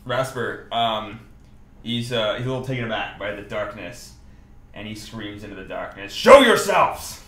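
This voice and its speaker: A man's voice: fairly low pitch, level tone, moderate pace, a bit bright. A man playing in a tabletop game, casually describing his character's actions. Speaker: player. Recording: echoey room, faint noise.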